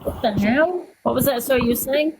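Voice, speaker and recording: A woman's voice: high-pitched, animated, a little fast, noisy background. A woman co-hosting casually, chatting with jumpy exclamations. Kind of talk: casual chat.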